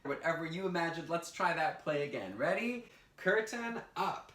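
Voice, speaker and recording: A man's voice: a little high, expressive, fairly quick, a bit bright, reverberant, distant mic. A man teaching a virtual drama lesson to children, upbeat and encouraging as he guides them step by step. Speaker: teaching artist. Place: indoor room, recorded for an online class.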